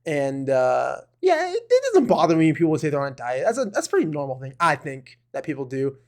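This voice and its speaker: A man's voice: on the high side, wildly swooping pitch, fairly quick. A man co-hosting a podcast in casual chat, rambling with fillers and flaring into mock outrage. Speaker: podcast co-host.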